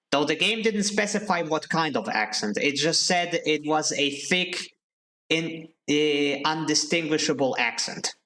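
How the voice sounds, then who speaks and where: A man's voice: on the high side, pushed and bright. A man streaming a video game live, chatting casually and answering his viewers as he plays. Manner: chatty, thinks aloud, answers chat.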